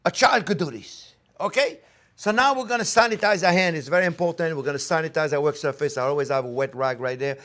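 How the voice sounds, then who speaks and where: A man's voice: on the high side, fast talker, fairly bright tone. An older man hosting a cooking demonstration, enthusiastic and coaxing, talking straight to viewers as his friends. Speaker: chef and cooking show host.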